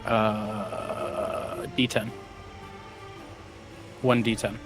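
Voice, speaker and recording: A man's voice: fairly low pitch, little pitch movement, drawn-out words, over music. A man playing a tabletop game, distracted while he looks up a rule. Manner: distracted, looking things up. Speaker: player.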